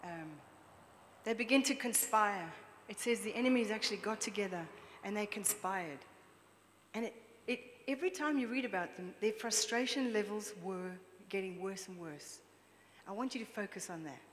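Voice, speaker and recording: A woman preacher giving a lively, chatty sermon, drawing the congregation in with questions. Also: mid-range voice, moderate pace. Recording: long reverb with faint background noise.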